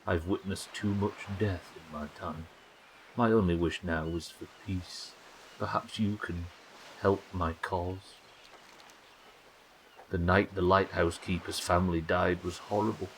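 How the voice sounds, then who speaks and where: A man voicing a solemn, ghostly old male sea captain, reading slowly and gravely with a very deep voice. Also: steady tone, a little hiss or hum, rough recording. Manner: slow, low, grave quest-text reading.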